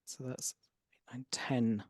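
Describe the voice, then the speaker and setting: Male player, mellow dark tone, matter-of-fact, dry sound. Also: mid-range voice, steady tone, slow pace, no echo. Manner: matter-of-fact, plans moves out loud. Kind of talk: tabletop game play.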